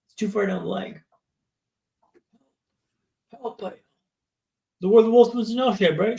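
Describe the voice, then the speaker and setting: In an echoey room, a podcast guest in his thirties tells his story with vivid drama, frequently tossing in "right?". His high voice is a little slow, creaky and mellow, and he pauses often.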